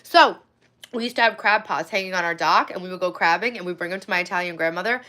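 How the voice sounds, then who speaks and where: Bright-voiced woman in her forties chatting. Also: on the low side, fast talker. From Long Island, New York. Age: 40s. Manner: playful, chatty, thanks viewers by name; swears casually. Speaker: livestream host. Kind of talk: casual livestream chat.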